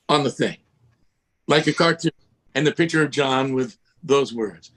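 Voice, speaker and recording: A man guest on a video call, telling animated stories and acting out voices as he goes. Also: mid-range voice, unhurried, pauses often. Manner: lively, acts out voices in his anecdotes. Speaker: guest record producer. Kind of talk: animated storytelling.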